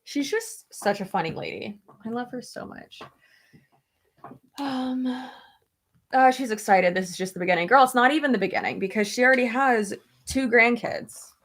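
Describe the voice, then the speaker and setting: A woman's voice: on the high side, moderate pace, fairly bright tone, slight background noise. A young woman vlogging in a casual chat, rambling with lots of "like", laughing often and retelling conversations as quoted dialogue. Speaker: beauty vlogger. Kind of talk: casual chat while getting ready.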